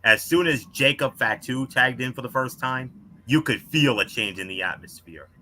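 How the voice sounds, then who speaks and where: A man co-hosting a wrestling podcast, reading out a scripted match review with star ratings in a measured way. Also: medium pitch, lively intonation, pushed and bright.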